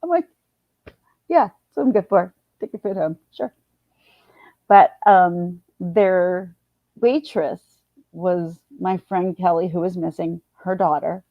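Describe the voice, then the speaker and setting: Middle-aged lady rambling on her livestream, lowish voice, dry dull lo-fi sound. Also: slow, dry recording. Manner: rambling, chatty, many restarts and fillers. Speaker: livestream host. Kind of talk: casual livestream chat.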